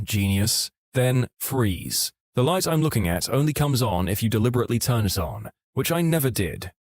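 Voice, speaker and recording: A man narrating online stories in a steady, scripted storytelling delivery. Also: medium pitch, no echo, clean studio sound.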